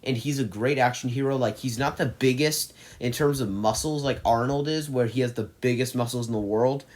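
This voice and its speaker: A man's voice: mid-range voice, moderate pace, darkish tone. A man hosting a movie channel, ranking his favorite films in a casual, enthusiastic and rambling way, with frequent restarts.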